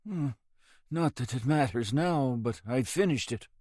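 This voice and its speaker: A worn-out old sailor , as a male narrator puts him on, blunt and rough-edged. His voice sits a touch higher than the narrator's and swings widely in pitch, with slow, dragging delivery in a dry, close recording. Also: lively intonation, darkish tone, no room sound. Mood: tired. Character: weary old male boat hand, gruff.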